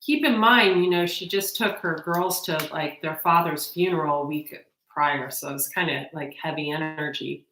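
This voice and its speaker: A woman's voice: low voice, moderate pace, hardly any pauses, pushed and bright, echoey room, a little hiss or hum, rough recording. A woman in her forties giving a casual tarot reading, chatty and emotional as she tells a personal story straight to her viewers. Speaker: tarot reader.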